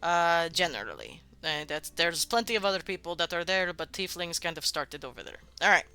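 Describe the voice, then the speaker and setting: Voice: medium pitch, very animated, fairly quick, sharp tone, clear, resonant tone, soft background music. A streamer chatting casually while building a game world, rambling, laughing often and swearing freely. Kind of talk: casual live-stream chat.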